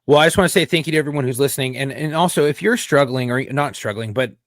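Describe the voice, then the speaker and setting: A man's voice: mid-range voice, fast talker, no echo, studio quality. A man co-hosting a podcast, talking earnestly in casual chat and reading the outro, swearing often. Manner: earnest, profane, repeats himself. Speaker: podcast co-host.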